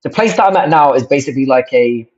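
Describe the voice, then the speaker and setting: A man's voice: medium pitch, expressive, fast talker. A young man, host of a casual livestream, chatting to viewers in a rambling, sweary way with many restarts. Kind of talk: casual livestream chat reacting to comments. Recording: dull lo-fi stream audio.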